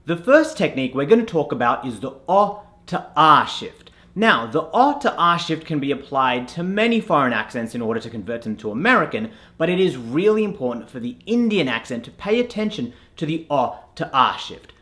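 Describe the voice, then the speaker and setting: Lively-voiced male accent coach. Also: on the high side, a little fast, few pauses. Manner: clear, instructive, spells out sounds letter by letter. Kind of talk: instructional lesson.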